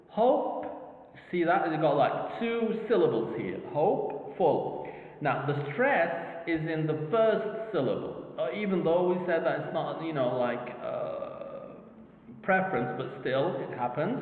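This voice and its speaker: A man giving a slow, repetitive phonetics lecture, checking in with "okay?", speaking English as a non-native speaker. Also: on the high side. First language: Arabic. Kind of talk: university lecture. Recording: tinny, echoey hall recording.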